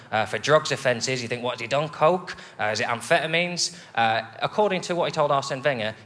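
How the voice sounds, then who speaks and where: A man's voice: mid-range voice, pushed and bright. A man doing a stand-up comedy set, sweary and mocking, often slipping into silly voices. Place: studio stage with a live audience.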